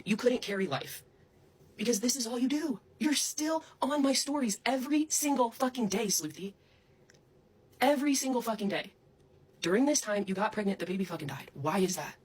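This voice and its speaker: A woman's voice: medium pitch, breathy edge. A young adult woman delivering an angry, profane, accusatory rant straight to camera. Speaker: online personality.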